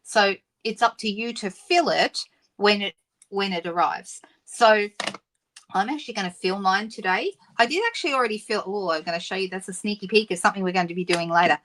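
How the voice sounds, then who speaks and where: A woman's voice: mid-range voice, brisk. Chatty woman hosting a craft stream. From Australia. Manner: chatty, greets viewers by name; warm, laughing asides. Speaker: papercraft host. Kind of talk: live-stream craft demonstration.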